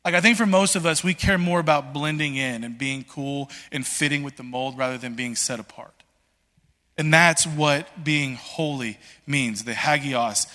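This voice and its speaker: A pastor delivers a sermon in a lively, conversational way, tripping over his words as he pushes forward. His voice sits a little high and sounds bright and pressing. A long hall reverb hangs behind every phrase. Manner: conversational, animated, many "like"s and restarts.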